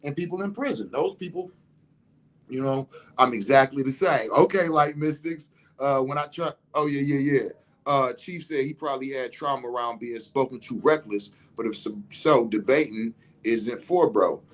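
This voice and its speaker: A young adult man hosting a podcast, telling a story in casual chat, animated and profane, often getting loud and emphatic. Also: medium pitch, normal speed. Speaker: podcast host.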